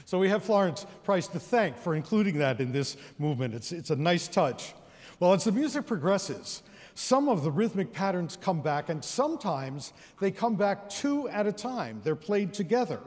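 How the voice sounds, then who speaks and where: A man's voice: high voice, big pitch swings, normal speed, a little mellow. A man presenting an educational concert, leading the audience in counting and singing rhythms with the orchestra in a large theater. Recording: long reverb of a large theater hall.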